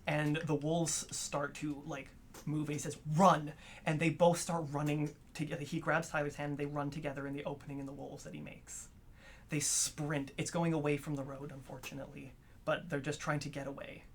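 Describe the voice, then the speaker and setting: A man's voice: a little high, flat delivery, brisk, creaky, a little hiss or hum. Man narrating as game master. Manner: storytelling narration, laughs often with players.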